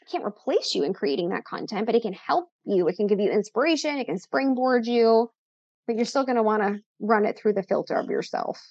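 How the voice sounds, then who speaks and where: A woman's voice: on the high side, lively intonation, fairly quick, a little mellow, no echo. Chatty upbeat woman, slightly muffled. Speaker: podcast guest, content coach. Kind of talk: casual interview chat.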